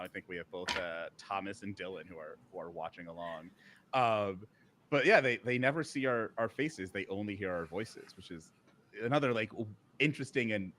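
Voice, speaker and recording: A man with a fairly low voice co-hosts a live podcast panel recorded at a conference. He tells a long, rambling story in an easy chat, full of fillers and restarts. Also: fairly bright tone, a little hiss or hum. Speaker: podcast co-host.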